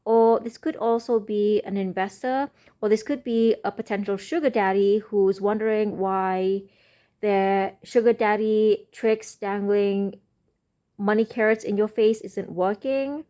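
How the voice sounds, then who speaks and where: Woman tarot reader, slow and musing, soft mellow tone, lots of pauses. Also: medium pitch, steady tone. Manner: speaks slowly. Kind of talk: slow channeled tarot reading.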